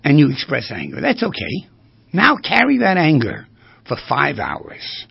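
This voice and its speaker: Male therapist giving a lecture-style talk, raised pitch, gravelly and husky, quite dry audio. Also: measured pace, dry recording. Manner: animated, asks rhetorical questions. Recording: dull lo-fi recording.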